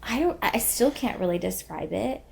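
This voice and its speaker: Young woman with a husky gravelly voice. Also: fairly high pitch, lively intonation, moderate pace, a little mellow. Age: young adult. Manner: earnest, rambling with many fillers. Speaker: podcast co-host. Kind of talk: casual emotional chat.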